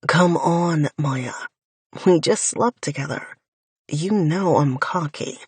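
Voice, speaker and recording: A cocky, laid-back young man teases with a lazy drawl, as a woman narrator puts him on. The voice sits a little low and comes slowly, with a soft, breathy edge. It sounds close and dry, with no room around it. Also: dry recording, full character voice. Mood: teasing.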